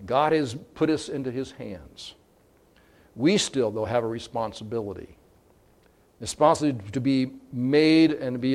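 A man preaching a sermon in an earnest way, with some fillers and restarts. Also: medium pitch. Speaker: pastor.

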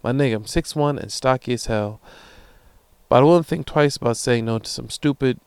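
A young man hosts a podcast in a loose, swearing monologue, acting out the people in his stories. His voice is smooth and resonant. It sits close and dry on the mic, with no room sound. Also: medium pitch, fairly quick, no echo. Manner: profane, animated storytelling with voiced quotes. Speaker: podcast host. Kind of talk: casual monologue reading listener emails.

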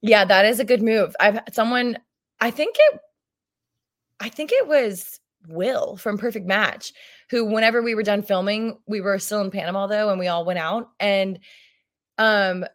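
Mid-range and lively in intonation, her voice moves at a moderate pace. The thirtysomething podcast guest chats casually, rambling and stumbling through her sentences amid frequent laughter.

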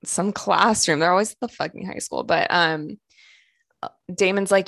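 A young woman co-hosts a podcast and recaps an episode in loose, crude, joking chat. Her voice sits a little low and has a gravelly fry, and the recording is dry with no room sound. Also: moderate pace, fairly bright tone, no echo. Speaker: podcast co-host.

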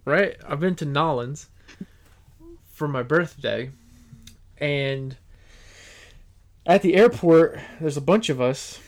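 A man's voice: a little high, takes it slowly, long pauses. A man hosting a podcast in casual chat, telling stories in a rambling way with restarts. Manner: rambling storyteller with many restarts. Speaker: podcast host.

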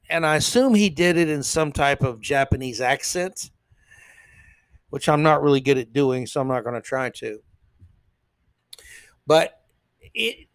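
Podcast host guy, kinda high voice, opinionated and rambly with lots of uhs. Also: dry recording. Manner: opinionated, rambling, many "uh" pauses. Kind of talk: casual opinion commentary.

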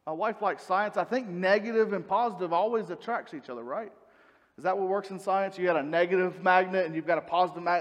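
A man preaching a sermon in an earnest, conversational way, putting questions to the congregation. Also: high voice. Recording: hall reverb.

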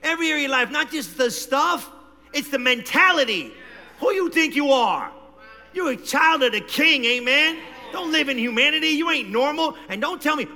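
A man preaching a sermon with animated delivery, going from low conversational talk to loud shouting in a church. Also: normal speed, vocal fry, long reverb tail. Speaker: pastor. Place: church hall.

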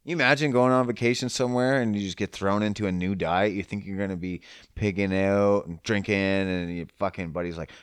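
A fairly low, clear and resonant male voice with fairly even intonation moves a little fast, and there's no room sound. The speaker rambles profanely and jokes about fitness and diet in a casual monologue, playing out both ends of conversations by quoting others.

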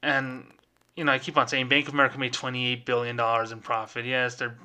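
A man hosting a podcast, ranting casually and fast, with lots of filler words. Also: mid-range voice, flat delivery, pushed and bright. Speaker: podcast host.

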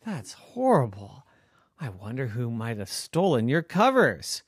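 A man's voice: medium pitch, huge pitch swings, unhurried, breathy edge, no room sound, studio quality, heavily acted. A man voicing a teasing mother in a bedtime story, with a sing-song, offhand way of talking. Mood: mock-sympathetic.

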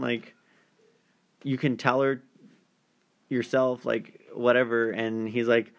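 A man's voice: mid-range voice, flat delivery, takes it slowly, pauses often. A man in casual chat, rambling through a story with many fillers and acting out what callers said.

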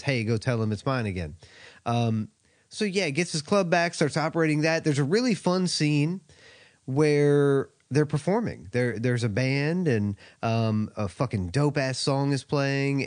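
A man co-hosts a film podcast in an easygoing, meandering way, dropping casual swears and chuckling at what he recalls. His voice sits at an ordinary pitch. The sound is dry and close, with no room around it. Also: no room sound. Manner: laid-back, rambling, profane, with small laughs. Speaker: podcast co-host.

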